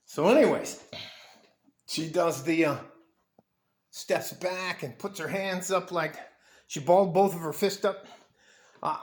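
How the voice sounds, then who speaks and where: A man's voice: mid-range voice, fairly bright tone. A middle-aged man telling a story in a casual vlog from his backyard, blunt and profane, rambling with restarts. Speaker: vlogger. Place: outdoors in a backyard by a pool.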